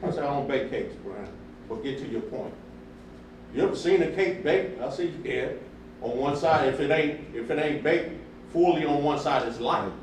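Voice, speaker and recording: A man's voice: medium pitch, moderate pace. A man from a church group heatedly retelling a scripture debate, acting out both sides with emphatic outbursts. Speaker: church member recounting a debate. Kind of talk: animated storytelling in group talk. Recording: echoey room, mic far off, faint noise.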